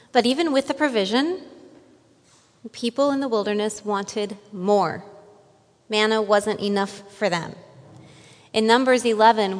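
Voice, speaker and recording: Woman pastor, conversational sermon, quizzes the pews, long hall echo. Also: mid-range voice.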